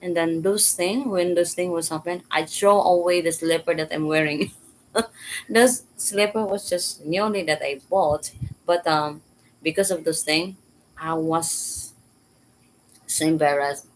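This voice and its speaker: A woman casually telling a personal story in halting, repetitive English. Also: on the low side, fairly even intonation, slight background noise, rough recording. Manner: halting, repeats words, simple learner English.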